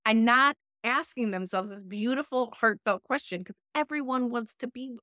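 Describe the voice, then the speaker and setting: A woman's voice: fairly high pitch, normal speed, sharp tone, no room sound. Emphatic woman life coach, dry close mic. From United States. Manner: emphatic, direct advice-giving, repeats key phrases. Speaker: life coach and relationship expert guest. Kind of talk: podcast interview.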